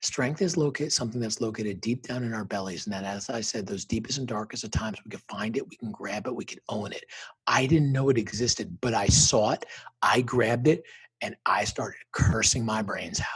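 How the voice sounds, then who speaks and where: A middle-aged man with a strongly husky, rough-edged voice, speaking as an interview guest. He talks like a motivational speaker, emphatic and intense, driving his points home with punchy, repeated phrases. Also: fairly low pitch, moderate pace, a bit bright. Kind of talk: emotional personal storytelling.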